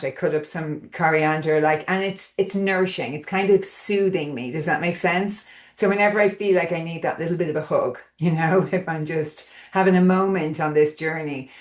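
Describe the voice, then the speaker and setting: A woman with a low, deep voice runs a casual group coaching call. She rambles in a chatty way, full of fillers, and keeps checking in with her listeners. The sound is roomy and echoey.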